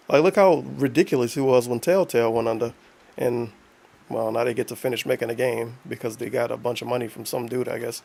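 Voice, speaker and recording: A man's voice: mid-range voice, steady tone, fast, vocal fry, a little mellow. A man doing casual live-stream commentary, mocking and profane, reading chat aloud between remarks. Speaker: streamer reacting to a video.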